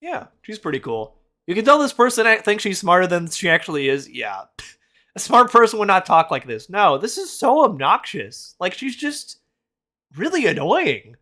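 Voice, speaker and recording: A man hosts a casual reaction chat with a bright, forceful voice that swings widely in pitch. He is blunt and mocking, swearing freely as he reacts. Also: big pitch swings, normal speed. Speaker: host.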